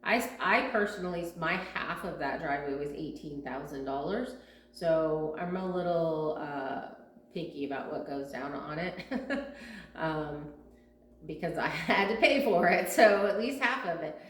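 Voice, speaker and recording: A woman's voice: low voice, unhurried. A woman co-hosting a farm vlog Q&A, chatting casually and explaining things at length with lots of fillers. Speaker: farm vlog co-host and video editor. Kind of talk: casual Q&A chat. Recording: roomy echo.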